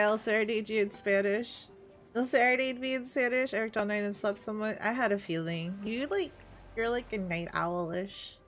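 Chatty young woman streaming a game. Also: on the high side. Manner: chatty, laughs often, greets chat. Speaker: VTuber streamer. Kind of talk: casual game-stream chat.

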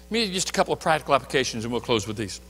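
A man preaching a sermon as pastor, emphatic, swinging between loud declarations and hushed asides. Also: mid-range voice, animated, very fast, in a large hall. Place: church sanctuary.

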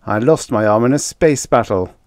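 A man's voice: mid-range voice, normal speed, darkish tone, no echo, studio quality, lightly acted. A man doing a defiant one-armed ex-cop. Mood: steely. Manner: defiant, then strained. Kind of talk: audiobook character voice.

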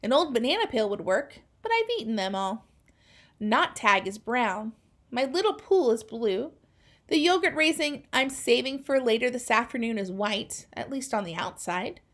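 Brief: calm woman narrator, a bit high-pitched, read-aloud novel. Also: unhurried. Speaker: reader. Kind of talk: reading a children's novel aloud.

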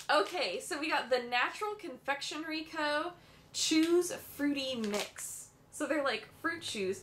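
A young woman, a beauty vlogger, gushing and squealing with excitement as she unboxes a makeup swap. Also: sits high, slight background noise.

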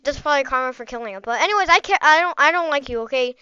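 Woman, gaming host, high bright voice, excitable rambling play-by-play, dry close sound. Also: very fast, dry recording, highs cut off. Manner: excitable, chatty, rambling with frequent "like" and "bro". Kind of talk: live gameplay commentary.

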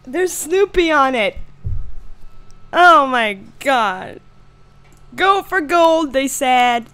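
Woman, young adult, high voice, slow talker, horror game commentary, jokey, swears. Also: lively intonation, fairly bright tone. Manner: jokey, swearing, shrieks when scared. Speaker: gameplay video host. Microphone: headset or desk mic.

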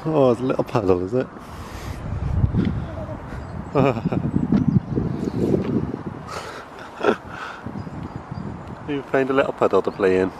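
A man's voice: medium pitch, extremely slow, long pauses. A young father chatting casually while filming a home vlog, often switching to a sing-song voice for his small child. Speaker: father vlogging with his toddler. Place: home kitchen, then outdoors by a canal. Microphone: handheld camera. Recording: noisy handheld camera audio. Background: appliances humming, then outdoor and traffic noise.

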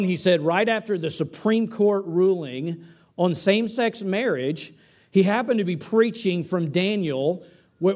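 A man with a high voice preaches a sermon from a church pulpit. He tells his stories with restarts and false starts, then rises to emphatic peaks. The sound is that of a church service livestream. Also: a little mellow. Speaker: pastor. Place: church sanctuary.

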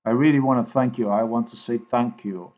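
A man talking to his viewers in a rambling, halting way while he edits a video, repeating himself and filling gaps with "you know". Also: medium pitch, fairly even intonation, a little mellow, highs cut off. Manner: repetitive, halting, thinks aloud with many fillers. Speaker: video maker.

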